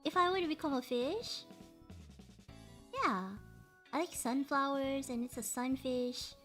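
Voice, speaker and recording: A woman's voice: high voice, animated, measured pace, fairly bright tone, faint music behind. A Malaysian woman livestreaming, chatting playfully and laughing often, mixing in English. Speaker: streamer. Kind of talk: casual livestream chat.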